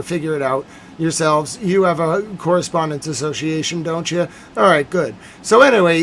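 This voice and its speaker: A young man hosting a livestream, rambling through a playful, mock-boastful joking monologue. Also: high voice. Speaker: streamer host.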